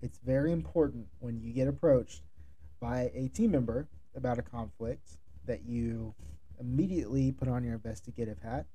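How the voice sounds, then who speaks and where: A man with a deep, very mellow voice hosts a podcast and coaches listeners. His delivery is direct and instructive. He sounds like a manager passing on hard-won advice. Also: normal speed, slightly rough. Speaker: podcast host, restaurant manager. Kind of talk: solo podcast monologue giving advice.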